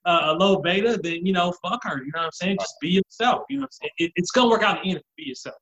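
A man's voice: sits high, very fast, highs cut off, crowd noise. A man talking bluntly and loosely about dating on a podcast, swearing freely. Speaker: podcast co-host. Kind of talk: casual dating talk.

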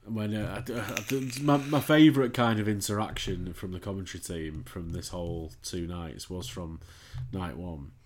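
Deep-voiced, rambling man. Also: moderate pace, hardly any pauses, a crowd in the background. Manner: rambling, laid-back, hesitant. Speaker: podcast co-host. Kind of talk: casual chat.

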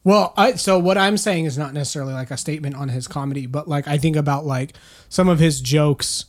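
A man's voice: on the high side, a little fast. A man from the American South hosting a podcast, rambling in casual chat with lots of fillers and swearing. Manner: rambling, filler-heavy, profane.

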